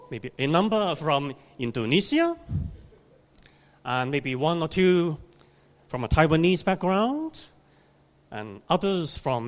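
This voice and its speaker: A man preaching a sermon in a church, telling a story in a slow, deliberate way and putting questions to the congregation. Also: fairly high pitch. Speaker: pastor.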